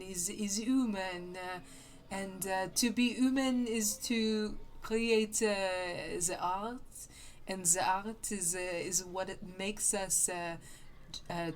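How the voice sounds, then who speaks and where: A woman's voice: mid-range voice, a little hiss or hum, lightly acted. A woman doing a mock-French art snob. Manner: halting, full of ums and uhs, grandiose. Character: pompous woman art critic, pretentious.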